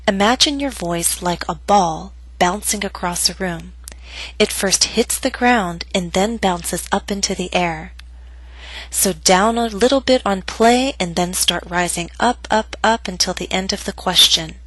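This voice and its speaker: A woman's voice: mid-range voice, measured pace, fairly bright tone, dry recording, poor audio. Woman teacher narrating a pronunciation lesson, patient and carefully articulated, dry close sound. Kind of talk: scripted instructional narration.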